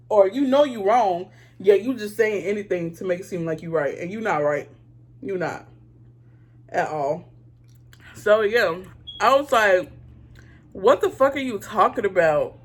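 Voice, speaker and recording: A woman doing her makeup on camera while she tells a story. She talks to her viewers directly, in a casual way, and she is blunt, indignant and swears freely. Her voice sits at a middle pitch for a woman. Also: slightly rough. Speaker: beauty vlogger.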